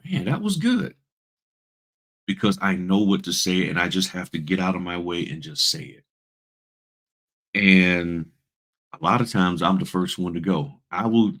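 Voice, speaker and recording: A middle-aged man speaks to his viewers in a casual, encouraging vlog. His voice sits very low, and he livens it by acting out how others reacted. The delivery is animated and motivational. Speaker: notary, channel host.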